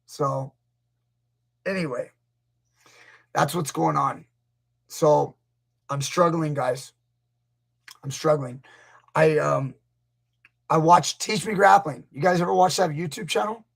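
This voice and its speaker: Man, grappling coach, casual live chat, rambling storyteller, husky. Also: fairly high pitch, slow pace, pauses often. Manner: rambling, storytelling, acts out quotes. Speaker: grappling coach, channel host.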